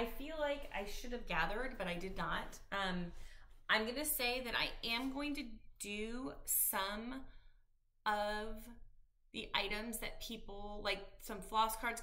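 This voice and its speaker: Fifties woman, rambling home vlogger, ringing bright voice, lots of ums. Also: mid-range voice. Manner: rambling, warm-hearted, many ums and restarts. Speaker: cross-stitch vlogger. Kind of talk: casual chat to camera.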